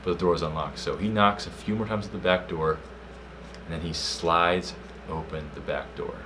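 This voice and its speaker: A young man co-hosting a casual podcast, telling a story with slang and loud acted-out quotes. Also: sits low, normal speed, noisy background. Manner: animated storyteller, slangy, acts out quotes loudly. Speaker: podcast co-host.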